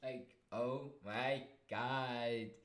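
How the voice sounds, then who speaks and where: A man recapping a show episode in a casual review, excitable and swearing, with many restarts and fillers. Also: mid-range voice, drawn-out words. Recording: roomy echo.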